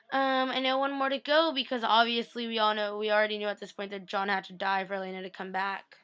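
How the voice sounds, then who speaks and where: A woman vlogger chatting casually through a TV episode recap, animated and full of fillers. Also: mid-range voice, fast, hardly any pauses, clean tone.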